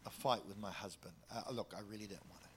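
A man voicing an upset woman stranger in a sermon example, speaking quietly and haltingly, with a lowered voice. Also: fairly even intonation, a little hiss or hum, lightly acted. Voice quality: quiet, subdued. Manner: hesitant, halting. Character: upset woman stranger after a fight with her husband.

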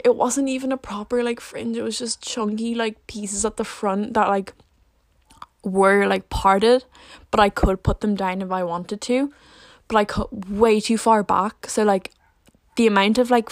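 A woman's voice: medium pitch, no room sound. A young woman in her late teens chatting casually to the camera, rambling with lots of fillers and poking fun at herself. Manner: rambling, filler-heavy, self-deprecating. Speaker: vlogger.

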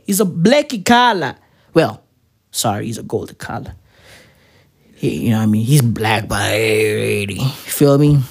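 A woman's voice: a bass voice, gravelly, husky. A woman in a profane, rambling comedic rant full of street slang, at home. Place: at home, with spouse nearby.

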